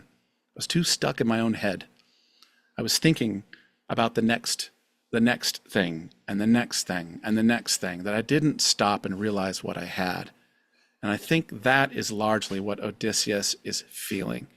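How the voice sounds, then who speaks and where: A man's voice: lowish voice, creaky, a bit bright, no room sound. A middle-aged man hosting a solo podcast, talking in an earnest, confessional way and often repeating his phrases. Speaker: podcast host. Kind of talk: reflective solo podcast monologue.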